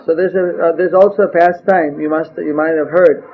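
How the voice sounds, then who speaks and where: A man with a high voice lectures on scripture in a storytelling way. He keeps saying "you see" to his listeners. The old recording sounds dull, with a faint hiss behind it. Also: steady tone, a little fast. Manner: storytelling with acted quotes, frequent "you see". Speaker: spiritual teacher.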